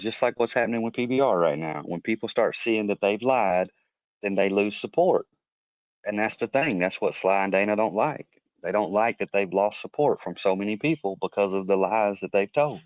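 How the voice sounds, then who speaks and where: Heated low-voiced man ranting. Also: no room sound. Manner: heated, rambling, swears a lot. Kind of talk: casual chat. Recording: dry, dull lo-fi audio.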